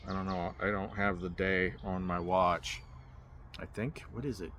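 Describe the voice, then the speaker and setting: Lowish-voiced guy rambling from a hammock outside, lots of "like", faint hiss behind. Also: fairly even intonation, measured pace, fairly bright tone. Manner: rambling, filler-heavy, with restarts and 'like'. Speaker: spiritual vlogger. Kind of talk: casual storytelling monologue. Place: outdoors in a hammock.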